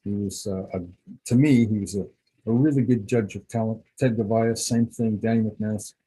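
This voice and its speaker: A man's voice: fairly low pitch, fairly even intonation, normal speed, dark tone, slightly rough, rough recording. A middle-aged man, a football scout, giving a casual, rambling clinic talk full of anecdotes.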